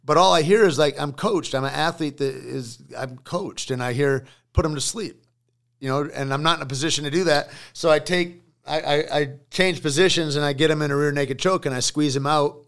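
A man's voice: a little high, a little fast, gravelly, a bit bright. A man recounting a story in casual podcast conversation, acting out the voices of the people in it, in a studio. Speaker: podcast guest.

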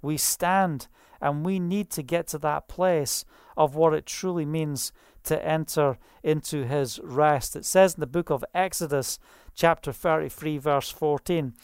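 A preacher delivers a quick, fervent sermon and keeps breaking into hallelujahs. The voice is smooth and resonant, and the recording is close and dry, with no room echo. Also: mid-range voice.

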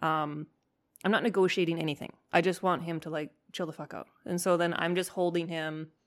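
A woman dog trainer hosting her podcast, telling stories in a casual, animated way, swearing freely and acting out her own lines. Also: on the low side, a little fast. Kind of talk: casual storytelling monologue.

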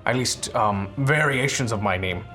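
A man's voice: medium pitch, moderate pace, sharp tone, soft background music, natural voice. A man in character as a humble, nervous male envoy, stammering and apologizing with many restarts. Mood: flustered. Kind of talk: tabletop role-play in character.

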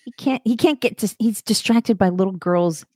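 A woman co-hosting a podcast in casual chat, teasing and quick to laugh. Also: mid-range voice, a little mellow, husky, no room sound, studio quality. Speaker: podcast co-host.

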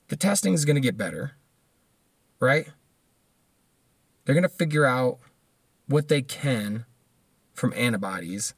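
A man's voice: mid-range voice, expressive, measured pace, pauses often, slightly rough, no room sound. A man, ranting casually and profanely in a monologue, laughing often between points.

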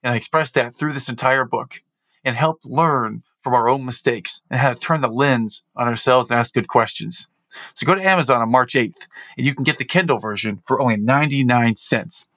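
A man's voice: medium pitch, pushed and bright, no room sound. A man from the United States hosting a podcast, upbeat and effusive as he reads an ad and welcomes his guest. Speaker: podcast host.

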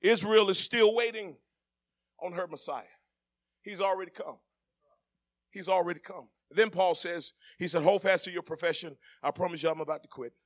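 A middle-aged male pastor, preaching a sermon that swings from soft, joking asides to the congregation to shouted climaxes. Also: high voice, a little fast. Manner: jokes with the congregation, laughing.

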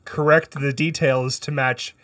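A man's voice: mid-range voice, fairly even intonation, unhurried, a bit bright. A man co-hosting a casual podcast, rambling with restarts, swearing and laughing a lot. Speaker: podcast co-host. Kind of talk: casual chat.

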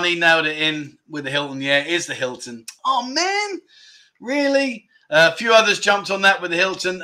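With a high, sharp voice, this livestream host keeps things jokey, reading viewers' guesses and poking fun at the chat. "Mate" and "no" come up constantly in his casual banter.

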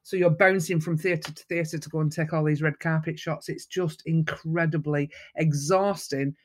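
A woman with a Mancunian accent, a photographer telling lively stories as a guest in a casual interview. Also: low voice, moderate pace. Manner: lively, animated storyteller. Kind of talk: storytelling in casual chat.

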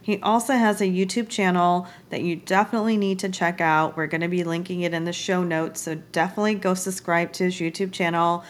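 A woman's voice: fairly low pitch, fairly even intonation, brisk, few pauses. A woman hosting a podcast, chatting and asking her guest questions in a friendly, conversational way. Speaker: podcast host. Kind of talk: casual interview chat.

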